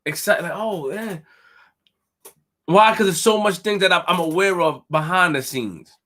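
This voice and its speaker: A man's voice: sits high, normal speed, bright, forceful tone. A young man hosting a live stream, ranting boastfully and emphatically, repeating his phrases and tripping over words. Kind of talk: fired-up live-stream rant.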